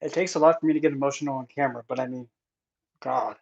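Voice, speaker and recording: A man's voice: mid-range voice, fairly even intonation, fast talker, creaky, darkish tone. A man unboxing his self-published book in a casual vlog, nervous and emotional, exclaiming as he goes. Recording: dull lo-fi sound with faint noise.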